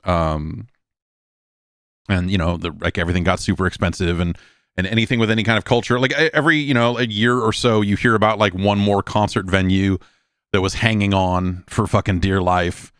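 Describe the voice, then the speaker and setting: A middle-aged man hosting a podcast, telling a rambling story in a casual, profane way with animated swings in voice. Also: low-pitched, brisk, clear, resonant tone, dry recording, clean studio sound. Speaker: host.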